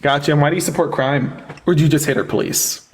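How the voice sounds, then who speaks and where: A young man from rural Pennsylvania hosting a debate livestream, combative and quick, laughing often. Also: a little high, steady tone, slightly rough.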